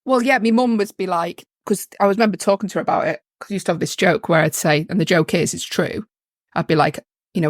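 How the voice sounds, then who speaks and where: A woman's voice: fairly low pitch, fast talker, no echo, clean studio sound. A middle-aged woman co-hosting a podcast, telling self-mocking stories in casual chat and laughing often. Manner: chatty, self-mocking storyteller who laughs a lot. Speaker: podcast co-host.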